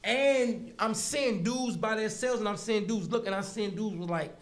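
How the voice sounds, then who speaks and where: Heard in an echoey room, a high-sitting man's voice at normal speed belongs to a Harlem, New York guest in a casual interview. He is animated, laughs frequently, and performs voices while recounting prison conversations.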